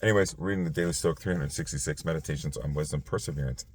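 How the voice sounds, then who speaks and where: A man's voice: a bass voice, quick pace, darkish tone, slight background noise. A tired man hosting a casual late-night talk show, rambling with many fillers and restarts. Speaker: podcast host.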